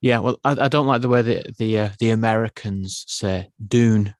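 A man co-hosting a film and TV podcast, talking in a relaxed, playful way. His voice sits on the low side. The sound is dry and close, with no room around it. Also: normal speed, no room sound. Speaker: podcast co-host. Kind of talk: casual chat.

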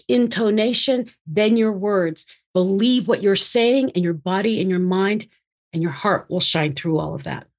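Woman, speaker coach being interviewed; emphatic, expressive delivery with big swings in intonation. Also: lowish voice, husky. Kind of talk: interview answers.

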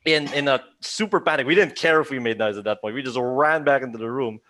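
A young man telling a ghost story to friends in casual chat, animated and acting out the voices of the people in it, with many restarts. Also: mid-range voice, fast talker, slight background noise. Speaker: storyteller on a group chat show.

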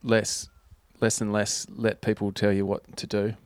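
A man in a relaxed, joking podcast chat, swearing freely. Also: fairly low pitch, measured pace, no room sound. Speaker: podcast co-host. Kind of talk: casual chat.

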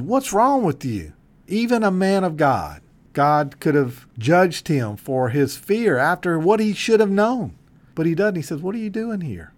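Earnest, higher-voiced male preacher. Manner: earnest preaching, swings from emphatic to soft and tender. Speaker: pastor. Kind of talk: sermon.

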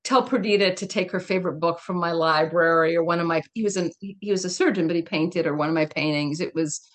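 A woman's voice: lowish voice, quick pace. A middle-aged woman speaking as a guest in an interview, telling a personal story in a candid, emphatic way with laughs and asides.

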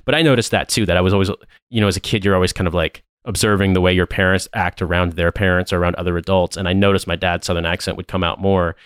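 A rapid, rambling American man chats on a podcast, stumbling through restarts and fillers. His voice sits a little low, and the recording is close and dry with no room sound. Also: steady tone, clear, resonant tone, no room sound. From Indiana, USA. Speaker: podcast co-host. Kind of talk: casual chat.

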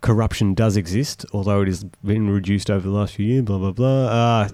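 A man's voice: on the low side, steady tone, brisk, mellow. A man co-hosting a casual chat, reading out a thread and mocking it sarcastically. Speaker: podcast co-host.

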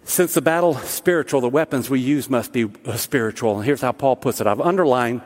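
A man's voice: medium pitch, fairly quick, darkish tone. A middle-aged man preaching a sermon as pastor, talking to the congregation in a conversational way that builds to emphatic peaks. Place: large church hall. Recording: long hall reverb.

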